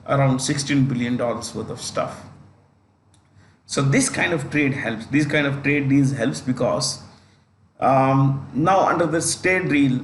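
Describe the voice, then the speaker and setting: A man with an Indian English accent giving an exam-prep current affairs lecture, repeating phrases and checking in with his students. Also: mid-range voice. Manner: repetitive, restarts phrases, checks in with "got it?". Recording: echoey room with faint noise.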